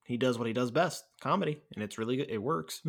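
Co-host, male, mid-pitched, casual and enthusiastic, animated when retelling scenes. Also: fast, creaky, breathy edge. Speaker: podcast co-host. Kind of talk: casual film discussion.

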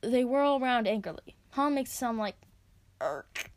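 A woman reading her own story aloud, expressive as she narrates. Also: fairly high pitch, fairly quick, a little hiss or hum. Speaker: reader.

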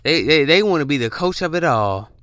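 This male podcast host delivers a preachy pep talk, repeatedly addressing listeners and stumbling into restarts with repeated words. He talks fairly quickly in an animated, higher-pitched voice, and the recording is very noisy.

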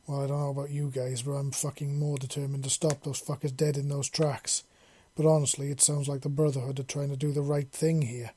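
A man's voice: medium pitch, flat delivery, a little fast, mellow, slight background noise, close to an everyday voice. A man voicing a tough, defiant male wasteland leader who swears freely in a story reading. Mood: determined.

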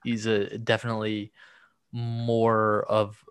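A man co-hosting a podcast, chatting in a relaxed, agreeable way. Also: on the low side, slow pace, clean tone, dry recording. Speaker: podcast co-host. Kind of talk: casual chat.

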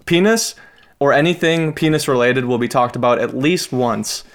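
A young man co-hosting a casual podcast. He tells his stories in a relaxed, chuckling way and often restarts his sentences. His voice sits at an ordinary middle pitch. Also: moderate pace. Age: young adult. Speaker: podcast co-host. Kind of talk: casual chat.

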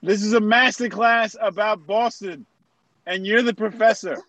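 A man's voice: sits high, normal speed, fairly bright tone, dry recording, poor audio. A man hosting a podcast, playfully teasing and pushing his guests in casual chat. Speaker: podcast host.

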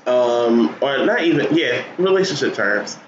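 Animated man on a podcast, roomy sound. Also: medium pitch, measured pace, faint music behind. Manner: animated, profane storyteller. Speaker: podcast co-host. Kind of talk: casual chat. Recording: roomy, dull, noisy room sound.

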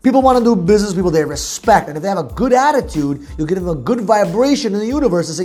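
A man with a warm, relaxed tone delivers a motivational sales talk. He talks bluntly, drops the odd curse, and stacks up repetitive lists to drive each point home. Faint music plays softly behind him. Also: high-pitched, very fast. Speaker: sales coach.

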